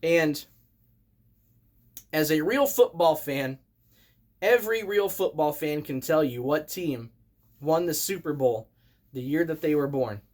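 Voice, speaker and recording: Man in his 30s, high-pitched voice, excitable storyteller, casual rant. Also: measured pace, pauses often. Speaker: vlogger.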